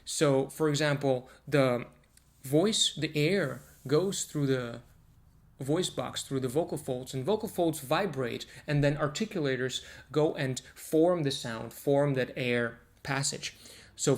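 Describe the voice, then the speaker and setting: A man teaching a pronunciation lesson to camera, explaining step by step and repeating example words slowly to demonstrate sounds. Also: medium pitch.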